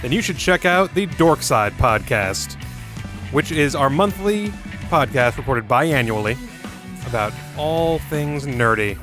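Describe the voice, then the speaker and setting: A man co-hosting a podcast, talking quickly and playfully through a comic promo, cursing casually. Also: medium pitch, animated, over music. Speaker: podcast co-host. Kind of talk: comedic promo banter.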